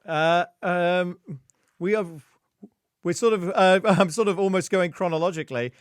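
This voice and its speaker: A man's voice: high voice, a little slow, clean tone, dry recording, studio quality. A man hosting a casual video stream, introducing guests loosely with fillers and the odd swear. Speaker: host. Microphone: video call.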